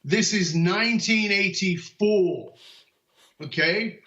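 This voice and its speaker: A man's voice: sits high, slow pace. A man from the United Kingdom, a motivational speaker guesting on a podcast, tells stories in a conversational way. He acts out voices and often restarts with "um" and "uh". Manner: animated, acts out voices in anecdotes, frequent um and uh restarts. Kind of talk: conversational storytelling. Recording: roomy, dull lo-fi call audio.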